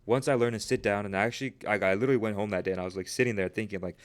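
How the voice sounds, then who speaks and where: A man's voice: lowish voice, very fast, clean tone. A man of twenty hosting a casual livestream about trading, talking earnestly and motivationally, peppering his speech with "right?" and "bro". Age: 20s.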